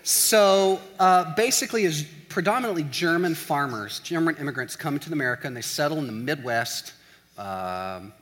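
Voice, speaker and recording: Bright-voiced man giving a casual sermon. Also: on the high side, in a large hall. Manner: animated, acts out little scenes in quoted voices, says "like" often. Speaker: college pastor.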